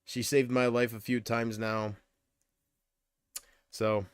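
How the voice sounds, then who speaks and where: A man's voice: mid-range voice, level tone, takes it slowly, long pauses, smooth, dry recording. A man chatting casually on a livestream, rambling and answering viewer comments.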